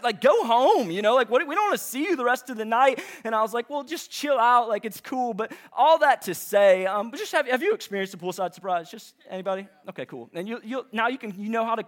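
Young man in his twenties, high voice, casual preacher, rambling and self-deprecating. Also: fairly bright tone. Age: 20s. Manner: chatty, self-deprecating, many fillers like "like" and "um". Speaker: young adult ministry speaker. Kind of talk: casual sermon opening with stories and announcements. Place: church auditorium before a live audience.

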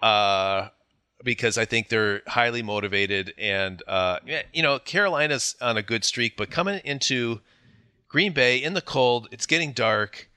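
Middle-aged male co-host, husky morning voice, easygoing and joking, bright forceful tone, dry close sound. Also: mid-range voice, measured pace, dry recording. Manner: joking, chuckles through his sentences. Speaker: podcast co-host. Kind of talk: casual sports chat.

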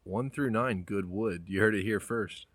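A man's voice: fairly low pitch, a little slow, a bit bright, no room sound. A man co-hosting a podcast, bantering playfully and laughing often. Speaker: podcast co-host. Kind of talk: casual chat.

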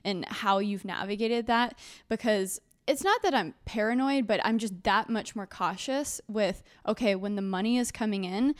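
A woman's voice: mid-range voice, moderate pace, no room sound, studio quality. A woman hosting an interview, asking encouraging follow-up questions in a reflective, conversational way.

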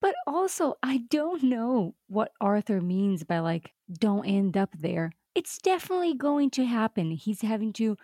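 A woman co-hosting a casual podcast, expressive and quick to exclaim. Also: on the high side, no room sound, studio quality. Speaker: podcast co-host. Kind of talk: casual chat.

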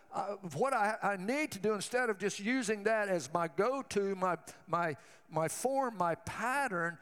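A man's voice: high voice, a bit bright, smooth, in a large hall. A man preaching a sermon to his church, fervent and telling stories as he goes. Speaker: pastor.

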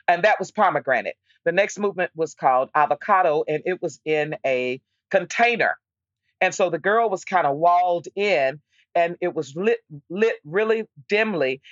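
A woman stage actor telling a story in an interview, lively, with frequent restarts and repeated words. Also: sits low, no echo. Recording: dull, lo-fi dry recording.

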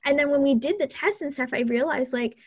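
A woman's voice: high-pitched, brisk. An outgoing, upbeat woman hosting an interview, chatting and laughing often. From Canada. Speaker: podcast host. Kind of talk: interview chat.

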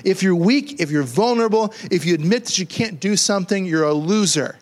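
A man's voice: high voice, animated, a little fast. A middle-aged man preaching a sermon as pastor, conversational and joking, often repeating words as he builds a point.

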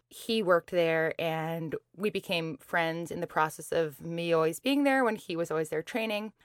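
A woman's voice: on the low side, fairly bright tone, dry recording, clean studio sound. A woman hosting a motivational talk show, telling a personal story in a chatty way, laughing often and acting out her own complaints. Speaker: podcast host.

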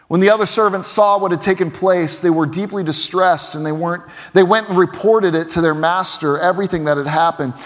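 A male pastor preaching a sermon, earnest and emphatic, dropping to a hush for weight, in a church sanctuary. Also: high voice, brisk, hardly any pauses, long reverb tail. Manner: earnest, emphatic, swings between loud and hushed.

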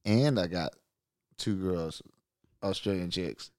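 A man's voice: deep voice, slow pace, crowd noise. A man, a comedian, telling profane stories in a laid-back, mumbly way in casual chat.

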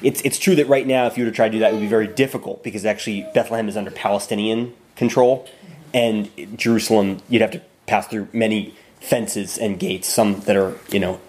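A man leading an informal Bible study for a small group in a room, talking in a relaxed, conversational way and often restarting his phrases. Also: on the low side, a little fast.

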